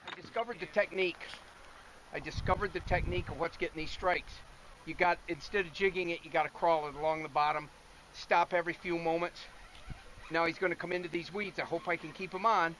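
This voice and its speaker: A man hosting a fishing show on a river bank, out of breath and excitedly talking viewers through his catch in a folksy way. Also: on the high side, a little fast, slight background noise, low-quality recording. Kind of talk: outdoor fishing commentary.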